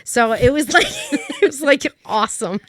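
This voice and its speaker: Lively young woman telling a story. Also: high voice, moderate pace, no echo. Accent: New England American. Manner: animated, laughing often, acts out quotes. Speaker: guest, dog trainer. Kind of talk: casual storytelling chat.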